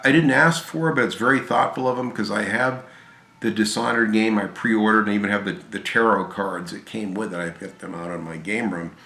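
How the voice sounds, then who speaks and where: A tired, hoarse man chatting casually and gratefully about games he received, rambling with fillers and restarts. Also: fairly low pitch, bright, forceful tone, reverberant. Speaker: gaming channel host. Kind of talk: casual video chat about game pickups.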